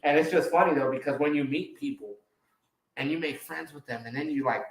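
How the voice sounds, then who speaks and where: A man with a slightly high voice tells loose, profanity-laced stories on a casual podcast. His speech rambles and jumps between thoughts. The room gives his voice a noticeable echo. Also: fairly quick. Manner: animated when quoting others. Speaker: podcast host. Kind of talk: casual chat.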